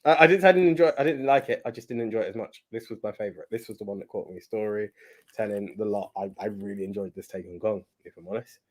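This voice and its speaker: A man's voice: fairly low pitch, quick pace, darkish tone. A man co-hosting a movie podcast in casual chat, hesitant and often repeating words. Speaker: podcast co-host.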